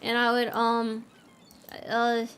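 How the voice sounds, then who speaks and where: A woman's voice: fairly high pitch, monotone, slow, fairly bright tone, clean tone. A young woman streaming a farming game, joking and teasing herself while chatting with her viewers. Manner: playful, self-mocking banter with chat. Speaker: VTuber streamer. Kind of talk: casual live-stream chat while gaming.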